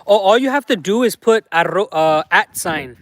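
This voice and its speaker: Livestream host, high male voice, loose rambling chat, close dry sound. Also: moderate pace, no room sound. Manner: relaxed, rambling, many fillers.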